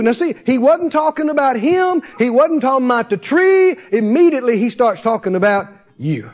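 High-voiced man preaching a lively sermon. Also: fairly quick, hardly any pauses, muffled recording. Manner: animated preaching with shouts and call-and-response.

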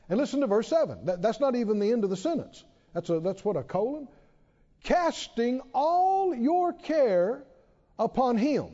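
A man preaching a sermon, emphatic, asking many rhetorical questions and pausing for effect. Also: sits high, mellow. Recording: dull reverberant hall sound.

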